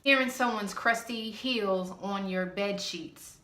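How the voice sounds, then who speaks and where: A woman's voice: medium pitch, slow, bright, forceful tone, roomy sound. A woman vlogger ranting in a casual monologue, blunt, sassy and exasperated.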